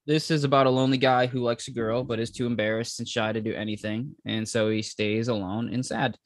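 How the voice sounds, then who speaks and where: A man's voice: mid-range voice, flat delivery, brisk, no room sound. Casual rambling man, dry close sound. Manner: rambling, heavy on "like" and swearing. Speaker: podcast co-host. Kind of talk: casual chat.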